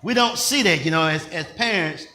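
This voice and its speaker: High, bright-voiced preacher in an echoey room. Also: male voice, expressive, normal speed, slight background noise. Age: older. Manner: conversational preaching, rising to shouts. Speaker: pastor. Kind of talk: sermon.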